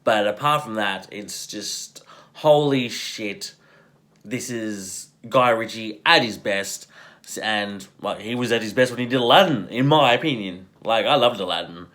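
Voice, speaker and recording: A man's voice: on the low side, unhurried, fairly bright tone. A man giving a casual spoken movie review, rambling with many fillers and restarts, swearing freely and laughing often.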